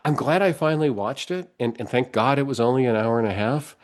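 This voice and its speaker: A man's voice: medium pitch, expressive, a little fast. A man with a cold, co-hosting a podcast in casual chat, rambling and restarting his sentences and laughing often. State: has a cold. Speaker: podcast co-host.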